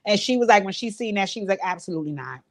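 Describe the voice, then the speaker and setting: A woman's voice: medium pitch, fairly even intonation, rapid-fire. A woman hosting her own channel, casually retelling an interview in an informal, storytelling way. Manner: chatty storytelling, relays what others said; informal speech with many fillers. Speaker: host recapping an interview. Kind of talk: casual recap commentary.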